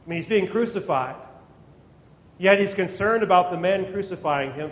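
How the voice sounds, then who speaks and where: A man's voice: high voice, lively intonation, normal speed. A man preaching a sermon as pastor, with emphatic rises and words repeated as he builds up. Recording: echoey hall with long reverb.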